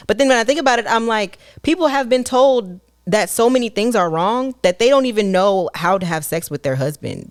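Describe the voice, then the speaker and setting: A woman's voice: mid-range voice, no echo, studio quality. A married woman with a Southern country accent co-hosting a casual podcast, talking frankly and emphatically. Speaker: podcast co-host. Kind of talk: casual chat.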